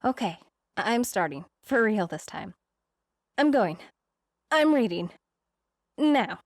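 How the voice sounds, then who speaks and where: A woman's voice: mid-range voice, animated, moderate pace, no room sound, studio quality. A woman voicing a nervous, self-mocking young woman in her twenties who talks in jittery, dramatic bursts in a storybook reading. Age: 20s.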